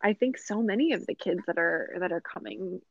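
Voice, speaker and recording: A woman guest and yoga teacher, talking in a relaxed, reflective way with many fillers and frequent laughs. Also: fairly low pitch, a little fast, no room sound. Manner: chatty and reflective, many "you know" fillers, laughs often. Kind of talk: casual podcast conversation. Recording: dull, lo-fi sound.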